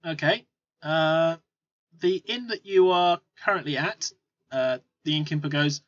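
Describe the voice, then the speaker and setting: A man narrating as game master of a tabletop game, halting with many fillers. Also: fairly high pitch, fairly bright tone, no echo. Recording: dull lo-fi recording with faint music.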